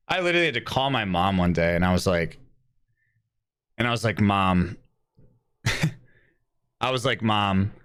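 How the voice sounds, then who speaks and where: A man's voice: medium pitch, a bit bright. Rambling, candid young-sounding male streamer. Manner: rambling, candid, swears often, many restarts. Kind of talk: casual chat.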